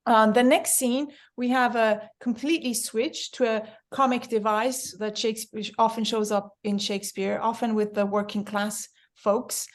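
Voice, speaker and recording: A woman leading a reading group over a video call, chatty and animated with many fillers. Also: mid-range voice.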